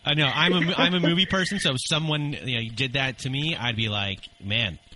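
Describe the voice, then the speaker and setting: A man's voice: a little high, quick pace, bright, forceful tone, slight background noise, low-quality recording. A man hosting an interview podcast, asking hesitant questions full of fillers. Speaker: podcast host. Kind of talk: casual interview.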